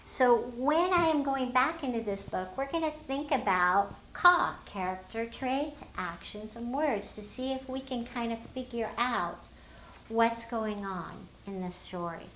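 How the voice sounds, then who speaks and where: A woman's voice: on the high side, animated, measured pace, fairly bright tone, slight background noise. An older woman teacher explaining a phonics lesson in an upbeat, teacherly way, talking to fellow teachers. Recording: roomy echo.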